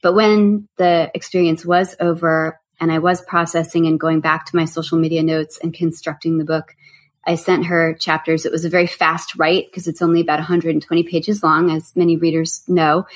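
Woman author guest, animated storyteller, slightly low voice, casual interview. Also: moderate pace.

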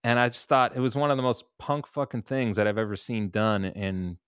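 A man with a lowish, smooth and resonant voice, talking as a guest musician in a relaxed interview. He tells loose stories and swears offhandedly, recorded close and dry. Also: brisk, no room sound. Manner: laid-back storytelling, laughs and swears casually. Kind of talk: casual interview.

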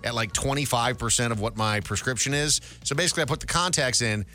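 A man hosting a casual comedy podcast, chatting quickly and running a game segment. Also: medium pitch, bright, forceful tone. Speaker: host.

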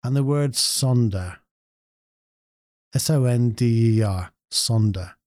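Guy reading out comments and musing on them, warm low-key voice, dry close sound, chuckles a lot. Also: takes it slowly, dry recording. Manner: reflective, chuckles often. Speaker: host reading viewer comments. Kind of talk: casual chat reading comments aloud.

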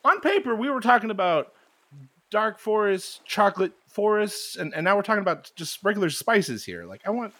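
A man's voice: sits high, expressive, normal speed, fairly bright tone. A man co-hosting a comedy podcast, improvising in a mock-indignant, theatrical manner. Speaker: podcast co-host.

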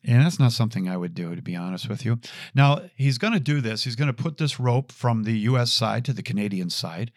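A man's voice: medium pitch, lively intonation, fairly quick, no echo, clean studio sound. A man giving an earnest Catholic podcast teaching, telling stories and repeating key phrases for emphasis. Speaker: Catholic speaker.

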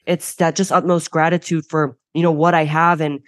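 A woman's voice: low-pitched, level tone, moderate pace, no echo. Woman, young adult, candid, filler-heavy, emphatic, dry room. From United States. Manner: emphatic, heartfelt, lots of filler words. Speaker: podcast guest. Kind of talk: candid interview talk.

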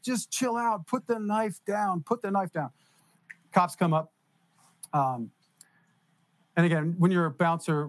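A man telling a story in casual conversation as a podcast guest, animated and laughing as he goes. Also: on the high side.

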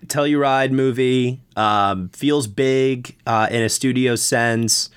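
A man hosting a casual film review podcast, chatting in a conversational way and getting animated when he explains things, with a lot of fillers. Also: medium pitch, slow, clear, resonant tone, no room sound, clean studio sound.

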